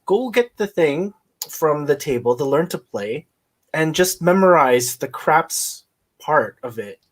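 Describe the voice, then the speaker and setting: A podcast co-host stumbles through a funny work story with lots of "like" and quick restarts. The pitch rises and falls a great deal, and the delivery stays loose and chatty. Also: animated. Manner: halting, filler-heavy with "like" and laughter. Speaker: podcast co-host, casino dealer. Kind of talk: casual storytelling chat.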